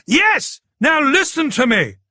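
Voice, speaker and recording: A man's voice: very high voice, lively intonation, moderate pace, sharp tone, no echo, studio quality, pitched above the performer's own voice, full character voice. A man voicing a tough, commanding woman police commander who barks urgent orders. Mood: shouting.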